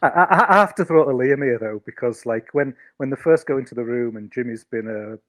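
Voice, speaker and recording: A man's voice: mid-range voice, brisk, a bit bright. A man hosting a podcast chat, hesitant and full of restarts as he passes questions along. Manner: hesitant, many fillers and restarts. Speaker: podcast host. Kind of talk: casual chat.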